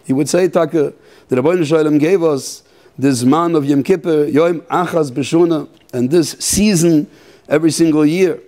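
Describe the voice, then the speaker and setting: Mellow rabbi, throat-clearing sermon. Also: male voice, on the high side. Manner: halting, repeats words, clears throat often.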